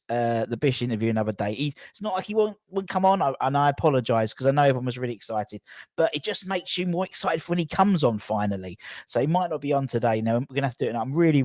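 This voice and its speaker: A man's voice: medium pitch, darkish tone, dry recording. A man hosting a casual live stream, apologising again and again in a rambling way with many restarts. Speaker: host.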